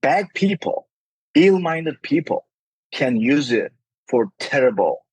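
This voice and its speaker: Man, podcast guest, husky voice, mid pitch, earnest, emphatic. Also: sing-song, slow pace, no echo, poor audio. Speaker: game studio CEO, podcast guest. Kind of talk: casual podcast interview.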